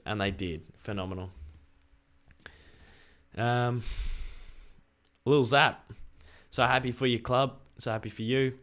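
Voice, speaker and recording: A young Australian man chatting excitedly on a live stream and reading out viewer messages. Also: mid-range voice, slow pace, long pauses. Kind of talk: casual live stream chat.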